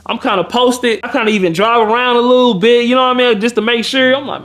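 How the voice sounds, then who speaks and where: A man's voice: very high voice, lively intonation, fairly quick, hardly any pauses, fairly bright tone. A man from Milwaukee, a dating coach, telling a story in casual, profane speech and acting out the quotes. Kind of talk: storytelling vlog.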